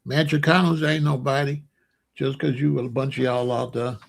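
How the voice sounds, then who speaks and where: A man's voice: mid-range voice, little pitch movement, moderate pace, gravelly. A man delivering heated, confrontational stream commentary in blunt street slang.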